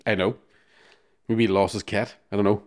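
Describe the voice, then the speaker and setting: A man's voice: lowish voice, little pitch movement, normal speed. A man, co-hosting a podcast, telling sweary, jokey stories and laughing often. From Northern Ireland. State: jet lagged. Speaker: podcast co-host. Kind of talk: casual chat.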